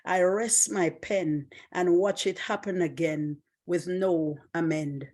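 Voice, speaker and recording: Woman poet, spoken-word reading on a video call, slow and grave. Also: fairly low pitch, fairly even intonation, darkish tone. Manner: measured and grave. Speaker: poet reading her poem.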